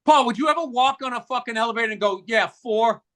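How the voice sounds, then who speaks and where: A man co-hosting a comedy podcast, telling stories in a loud, profane, animated way. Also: very high-pitched, racing. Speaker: podcast co-host. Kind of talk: casual comedic chat.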